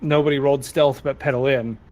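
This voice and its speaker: A man's voice: medium pitch, steady tone, fairly quick, darkish tone. A man running a tabletop game as game master, narrating casually and quizzing the players.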